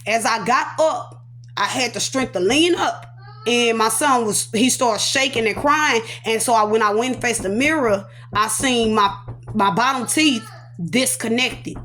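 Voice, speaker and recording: A woman giving an animated, emotional personal testimony, acting out sound effects and repeating phrases for emphasis. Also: a little high, a little slow. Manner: animated, dramatic storyteller voicing sound effects and repetitions; casual, talks aside to her children. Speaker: survivor telling her own story.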